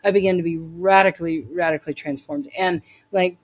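A woman's voice: on the low side, steady tone, fairly quick. A woman telling her personal faith story as an interview guest, earnest and emphatic, often repeating words as she restarts.

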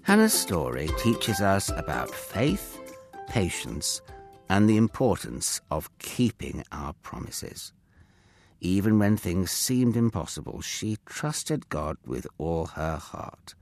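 A man narrating a Bible story for children in an expressive, gentle way, speaking directly to young listeners. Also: lowish voice, no room sound.

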